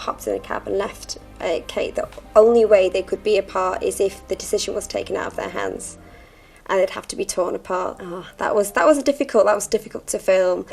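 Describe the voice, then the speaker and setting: A woman actor, reflecting in a heartfelt, soft-spoken way during a farewell interview. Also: mid-range voice, gravelly.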